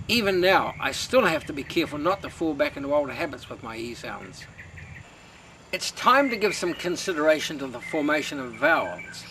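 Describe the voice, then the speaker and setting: A man giving a calm, measured lesson on singing technique. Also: fairly high pitch, noisy background. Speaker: singing teacher. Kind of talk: instructional talk.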